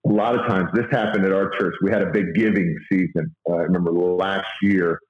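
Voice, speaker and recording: A man talking casually about faith, marriage and money in an earnest, halting way, full of fillers and restarts. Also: low voice, steady tone. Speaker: guest sharing faith and money advice. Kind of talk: casual conversational talk. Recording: roomy, dull lo-fi sound.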